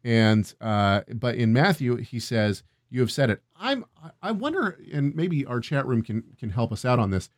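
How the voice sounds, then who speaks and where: A man leads a relaxed scripture discussion, reading verses and then thinking out loud about them. He speaks in a middle-pitched voice and keeps checking in with his partner. The sound is dry and close, with almost no room around it. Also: moderate pace, hardly any pauses, no room sound. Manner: thinking aloud, reading passages, many "right?" checks. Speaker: co-host of a Bible discussion.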